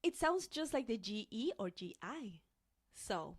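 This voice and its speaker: Slow, careful woman teaching pronunciation. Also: a little high, very animated, breathy edge. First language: Spanish. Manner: slow, careful modeling of sounds for repetition. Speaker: Spanish teacher. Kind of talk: language lesson.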